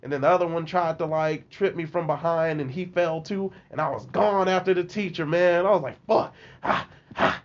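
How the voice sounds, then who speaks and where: A man with a notably high speaking voice tells his stories in a loose, animated and profane way. He talks as a podcast guest and jumps into other people's voices as he goes. The sound is a little dull and lo-fi. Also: brisk, few pauses. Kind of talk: casual storytelling. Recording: lo-fi podcast audio.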